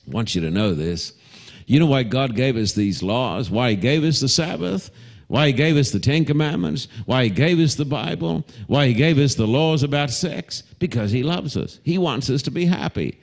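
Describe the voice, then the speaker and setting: An Australian pastor in middle age preaches to a congregation, his pitch swinging widely from high to low. He delivers the sermon with animation and mixes homely stories and gentle humor into it. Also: lively intonation, normal speed, gravelly. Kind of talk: televised sermon to a live congregation.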